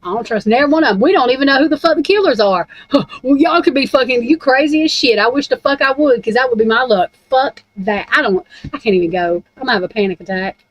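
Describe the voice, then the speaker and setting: A woman's voice: sits high, fast talker, no room sound, highs cut off. A woman in a casual, rambling rant about true crime, blunt and heavy on profanity.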